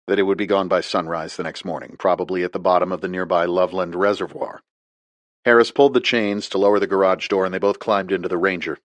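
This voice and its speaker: A man narrates an audiobook with a very low voice, reading in a steady, measured way. The sound is dry and close, with no room around it. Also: no room sound.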